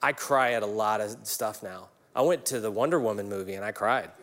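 A man's voice: on the low side, fairly quick, a bit bright. A pastor in his forties preaching a sermon, telling personal stories in an emotional, candid way with many fillers and restarts. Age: 40s.

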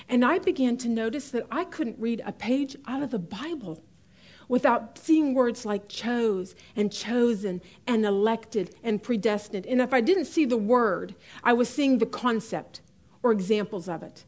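High-voiced woman teaching Bible class. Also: darkish tone. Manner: chatty, laughs often, stresses key words. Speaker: women's Bible study teacher.

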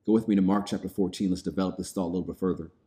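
A man's voice: sits low, fairly even intonation, rapid-fire, dark tone. A man preaching a sermon, reading scripture aloud and then explaining it in plain, everyday words.

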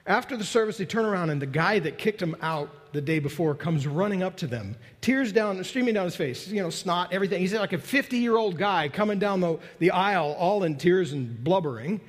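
A man preaching a sermon as pastor, telling a story with lively voiced quotes and closing in a soft prayer. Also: sits high, fairly quick, hardly any pauses, big-room sound. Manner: storytelling, animated, then quiet prayer.

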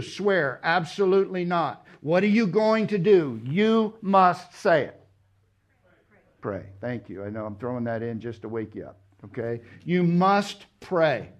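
Emphatic man preaching a sermon. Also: sits high. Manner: emphatic preaching with rhetorical questions and sudden loud stresses. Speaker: pastor. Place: church.

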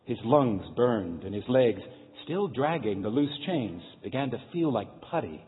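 A man narrating a dramatic story in an expressive, storytelling manner. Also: medium pitch, measured pace, slight background noise. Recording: tinny, echoey hall, faint music.

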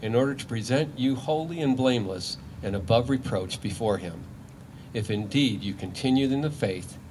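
A man reading a scripture passage aloud in a church service, in a measured, formal way. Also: medium pitch, a little mellow, a little hiss or hum, low-quality recording. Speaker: scripture reader.

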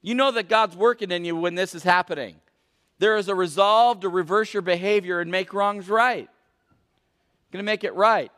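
Guy preaching in a church, voice a bit high, goes loud then hushed, big echoey hall. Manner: questions the congregation and calls for answers; swings from loud emphasis to hushed intensity. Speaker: pastor. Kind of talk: sermon. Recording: long reverb of a large hall.

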